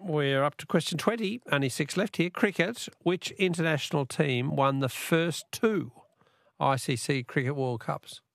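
An Australian man running a talkback radio quiz from the studio, with a gravelly edge to his voice. The sound is close and dry, with no room in it. He chats easily and keeps repeating the question to coax callers in. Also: fairly high pitch, normal speed, no echo.

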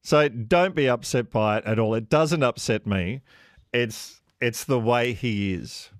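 A man's voice: medium pitch, measured pace, no room sound, studio quality. A man hosting talkback radio, chatting with callers and laughing often. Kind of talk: warm casual on-air chat with callers. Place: radio studio.

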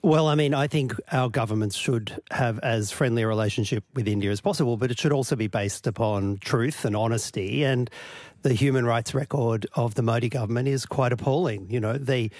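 A man, a politician, answering radio interview questions in an earnest, measured way. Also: medium pitch, darkish tone, no echo, clean studio sound. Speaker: senator being interviewed.

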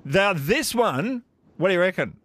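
A man's voice: high-pitched, very animated, measured pace, a bit bright, slight background noise. A man hosting a radio quiz, chatting casually with callers in a self-deprecating way and laughing often. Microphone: studio microphone.

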